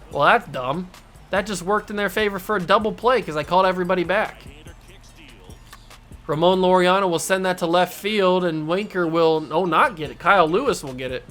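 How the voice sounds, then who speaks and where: A man hosting a gaming channel, giving excitable play-by-play commentary on his own baseball video game, talking to himself and to the game as he plays. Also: sits high, fairly quick, faint music behind.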